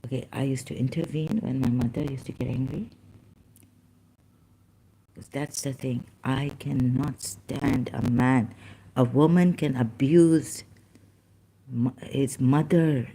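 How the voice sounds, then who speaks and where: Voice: medium pitch, takes it slowly, pauses often, mellow, husky. Agitated, rambling vlogger. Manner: agitated, rambling, with apologetic asides. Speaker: YouTube channel host. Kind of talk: ranting monologue to commenters.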